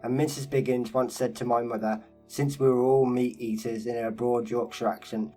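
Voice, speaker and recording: Male narrator, mid-pitched, steady measured storytelling read, faint guitar bed underneath. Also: low-quality recording. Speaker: narrator reading a first-person memoir interview. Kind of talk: scripted narration.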